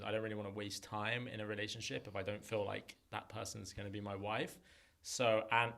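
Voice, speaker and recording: Brief: thirties man, comedian guest, low gravelly voice with a tense edge, animated and jokey. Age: 30s. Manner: animated, jokey, quick to laugh. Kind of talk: casual podcast chat.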